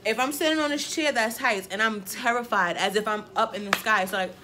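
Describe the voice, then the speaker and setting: A woman in her twenties telling a personal story casually, with dramatic, animated delivery and lots of filler phrases. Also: on the high side, brisk, noisy background. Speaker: vlogger.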